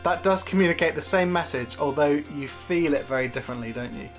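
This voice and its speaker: A man's voice: on the high side, fairly quick, hardly any pauses, faint music behind. A man giving a conversational, lightly playful Bible teaching talk to camera for a church video series.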